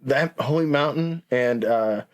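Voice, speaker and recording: A man's voice: mid-range voice, unhurried. A man co-hosting a podcast, telling rambling stories in casual chat and chuckling mid-sentence. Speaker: podcast co-host.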